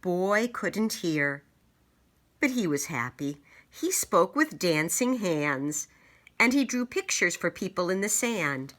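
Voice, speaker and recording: A woman reads a picture book aloud, slow and lively in pitch. Her voice sits low, yet its tone is bright. She acts out sound effects as she goes. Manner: expressive, with spoken sound effects. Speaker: storybook reader.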